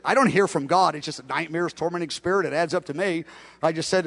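A man's voice: a little high, fairly quick, creaky, a bit bright. A male pastor who tells stories in a sermon and acts out all of the dialogue. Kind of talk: storytelling sermon.

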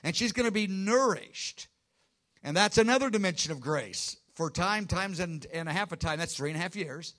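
A man's voice: high voice, lively intonation, moderate pace, fairly bright tone. A man preaching a sermon with earnest emphasis, often restarting phrases and acting out quotes. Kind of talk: sermon teaching.

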